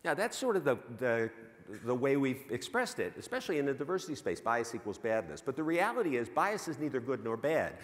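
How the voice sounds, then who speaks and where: A man giving a lively conference keynote, asking the audience questions and correcting himself as he goes. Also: mid-range voice, brisk. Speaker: keynote speaker on bias. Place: large conference hall. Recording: hall reverb from a stage mic.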